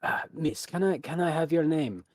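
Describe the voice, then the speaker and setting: A flamboyant beast tamer in his thirties, as a man puts him on, playing to the crowd with booming, theatrical patter. His voice sits well above the performer's own and keeps swinging up into eager, showy calls. It sounds dry and close, with almost no room around it. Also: expressive, normal speed, a little mellow, dry recording. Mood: coaxing. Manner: grand, booming showman's patter.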